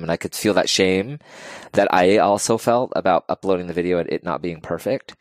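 A man with a very low voice shares stories in a relaxed podcast chat. He talks earnestly and emotionally, near tears. The sound is dry and close. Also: fast talker, no room sound. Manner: earnest, emotional, animated storytelling. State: tearing up. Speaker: podcast guest. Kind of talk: casual interview chat.

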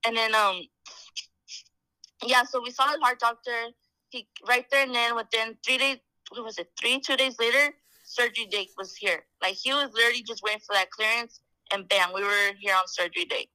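A young woman chatting as a podcast guest. She tells her story in a loose, talky way, with lots of "like" and "um", and voices the people she quotes. Her tone is bright and clear, and she sounds close and dry, with no room echo. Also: on the high side, normal speed. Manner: chatty, heavy on "like" and "um", acts out quoted dialogue. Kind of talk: casual storytelling chat.

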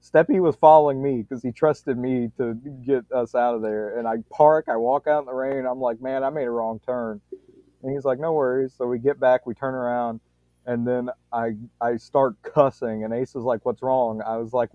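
This podcast storyteller rambles through a lengthy anecdote, casually swearing and starting his sentences over again and again. He has a typical male pitch, fairly even intonation and a moderate pace, and the audio is narrow, phone-like, dry and echo-free.

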